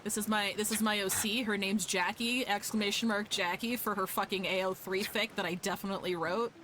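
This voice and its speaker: A woman's voice: medium pitch, steady tone, a little fast, fairly bright tone, slight background noise. Blunt, swearing woman streamer. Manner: profane, blunt, self-deprecating. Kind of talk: casual gaming commentary. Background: game music.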